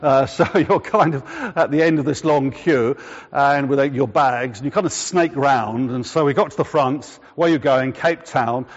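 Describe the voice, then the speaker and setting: A man preaching, telling a chatty anecdote and then slowing down to press home his points. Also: medium pitch. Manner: chatty storytelling, slowing to deliberate emphasis. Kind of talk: sermon with a personal anecdote. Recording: echoey hall, dull lo-fi sound.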